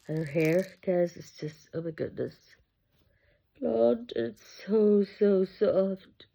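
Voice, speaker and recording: A woman's voice: lowish voice, steady tone, slow, vocal fry, dark tone. A middle-aged woman who collects reborn dolls, chatting to camera in a rambling, gushing show-and-tell. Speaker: reborn doll collector vlogger. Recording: dull lo-fi home video.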